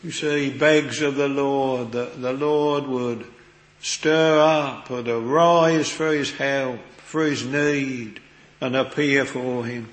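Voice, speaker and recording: A man delivers a sermon at a very unhurried pace, in a plain mid-range voice. His earnest, old-fashioned preaching is full of scripture quotations. The sound is roomy, with a long reverb trailing through a chapel. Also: medium pitch, fairly even intonation. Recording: echoey hall with long reverb.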